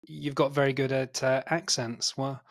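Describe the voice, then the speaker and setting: A man hosting a casual movie podcast, jokey and quick to laugh. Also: mid-range voice, little pitch movement, vocal fry, dry recording, studio quality. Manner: jokey, laughing, plays with silly accents. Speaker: podcast host.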